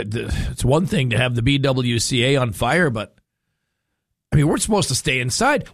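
A man's voice: medium pitch, dry recording, studio quality. A man hosting talk radio, rambling and incredulous as he thinks aloud. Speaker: radio host.

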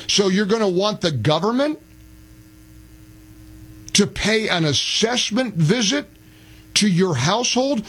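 Male talk radio host, high voice, brash, mocking, combative. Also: lively intonation, takes it slowly, long pauses, fairly bright tone, slightly rough, poor audio. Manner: brash, mocking, talks over callers.

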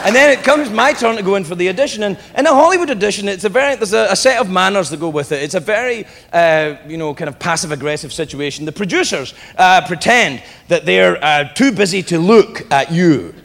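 A man doing stand-up, telling a story with sudden shouts and put-on voices. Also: high voice, brisk, gravelly, few pauses. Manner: animated, swings into shouted put-on voices and laughs. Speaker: stand-up comedian. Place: comedy club stage. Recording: live in a hall with crowd and noise. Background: audience laughter.

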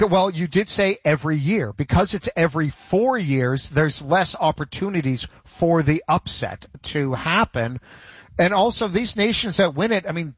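A man hosting a sports talk show, giving quick, opinionated takes in casual conversation. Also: high voice, breathy edge, no echo, muffled recording. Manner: energetic, quick opinionated delivery.

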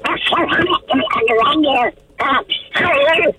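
A man's voice: very high-pitched, measured pace, poor audio. A man, phoning in to a radio show, putting on the voice of a flustered male cartoon duck.

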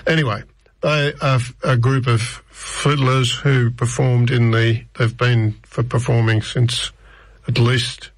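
A man's voice: mid-range voice, flat delivery, slow pace, no echo. An older man, presenting tracks on the radio in a rambling, chatty way with many restarts. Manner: rambling, digressive, with frequent restarts. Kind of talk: casual radio track introductions.

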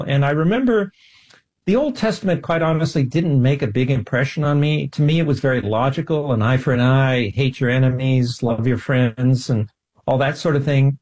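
Husky earnest man telling a story. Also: mid-range voice, darkish tone. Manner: earnest, enthusiastic, self-deprecating. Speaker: guest, scientist. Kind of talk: casual storytelling interview.

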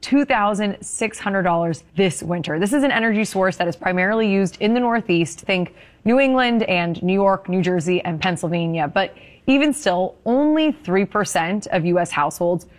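Female correspondent, mid pitch, brisk factual read. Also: lively intonation. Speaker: news correspondent. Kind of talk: news report.

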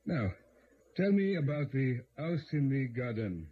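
A man's voice: mid-range voice, big pitch swings, measured pace, husky. A man playing a self-important police inspector in an old radio drama, speaking in a commanding, impatient and somewhat pompous way. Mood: brisk. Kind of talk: 1940s radio acting. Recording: dull old radio broadcast with faint hiss.

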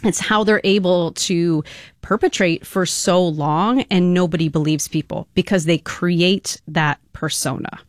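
A woman's voice: on the low side, fairly even intonation, measured pace, dry recording, studio quality. A woman expert on domestic violence gives an earnest interview answer, explaining with everyday examples.

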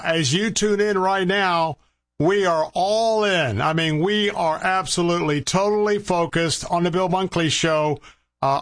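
An older man hosting a radio show, earnestly pleading with listeners for donations and slowly repeating the number to call. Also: a little high, fairly bright tone, no room sound, clean studio sound. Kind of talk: radio fundraising appeal.

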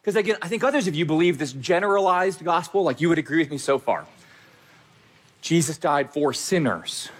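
A man's voice: a little high, husky. A male pastor preaching a sermon, speaking emphatically and repeating phrases for stress.

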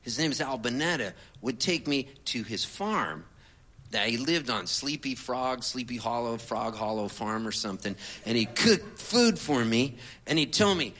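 A man, a singer-songwriter, telling a comic story in an animated, chatty way with laid-back surfer slang. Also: mid-range voice, normal speed.

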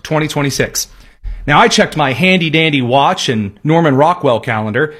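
A man's voice: fairly high pitch, fairly bright tone. A man hosting a political commentary show, delivering the news with wry, sarcastic, mock-folksy asides. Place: studio, also aired on radio.

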